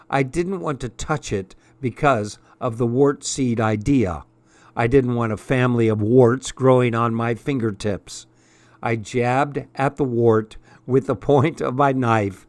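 Slow, dry-voiced male audiobook narrator. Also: mid-range voice, no echo. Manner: measured, expressive first-person storytelling.

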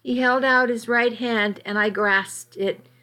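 A woman narrating a first-person story in a calm, even reading voice. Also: a little high, unhurried.

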